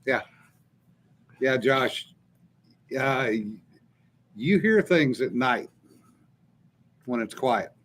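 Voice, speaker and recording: A man's voice: mid-range voice, animated, extremely slow, pauses often, a bit bright. A man, co-hosting a casual live chat, telling stories and reading out viewer comments between laughs. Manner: storytelling, drawling, laughs often. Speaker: co-host.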